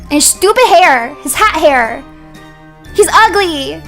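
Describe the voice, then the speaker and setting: Young female streamer, very high-pitched, heated casual rant, faint music bed. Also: lively intonation, slow pace. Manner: heated, ranting, rising to shouts. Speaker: vtuber streamer.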